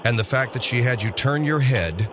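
A man hosting a talk-radio show, questioning callers in a dry, deadpan way and reading out show announcements. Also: mid-range voice, moderate pace, background noise. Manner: dry, probing interviewer, deadpan.

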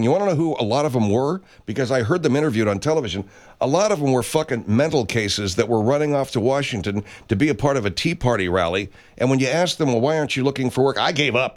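A man delivering an angry, profane, sarcastic political rant as a commentary host. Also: medium pitch.

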